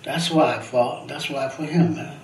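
A mid-range male voice at a moderate pace, with background noise, belongs to an older veteran poet. In a candid interview he rambles through emphatic, profane stories, often finishing with "man," captured in an echoey room by a distant mic amid faint ambience.

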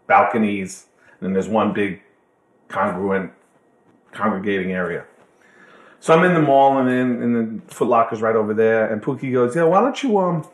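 Man, low voice, animated storytelling, does voices, swears, roomy echo. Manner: acts out voices in anecdotes, swears freely. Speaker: podcast guest.

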